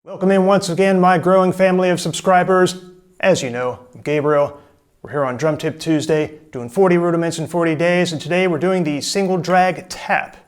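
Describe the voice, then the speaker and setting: A man teaching drum rudiments in relaxed, casual talk, walking through each stroke step by step. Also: high-pitched, moderate pace. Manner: relaxed, explains step by step, counts in. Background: drums.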